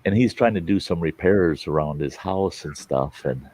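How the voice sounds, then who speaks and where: A man's voice: sits low, moderate pace, darkish tone, a little hiss or hum. A man hosting a live stream, chatting casually with viewers and telling rambling folksy stories that act out what people said. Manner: folksy, rambling storyteller who acts out dialogue. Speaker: host of a live storytelling stream. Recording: dull lo-fi sound.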